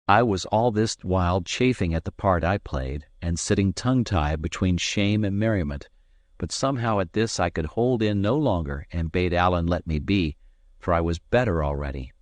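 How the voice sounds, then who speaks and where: A man narrating an adventure novel as an audiobook, in a measured, expressive storytelling manner. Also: deep voice, no room sound, studio quality. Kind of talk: scripted narration.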